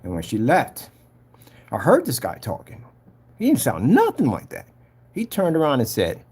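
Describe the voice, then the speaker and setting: A man's voice: lowish voice, sing-song, normal speed, a little mellow, breathy edge. A man giving a casual spoken testimony, earnest and preachy, who retells past events and acts out the voices of the people in them. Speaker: vlogger giving a personal testimony.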